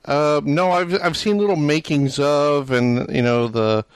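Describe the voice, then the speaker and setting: A man co-hosting casually, laid-back and hesitant, with many pauses and fillers. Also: on the high side, clean tone, no room sound. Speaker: co-host. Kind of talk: casual chat.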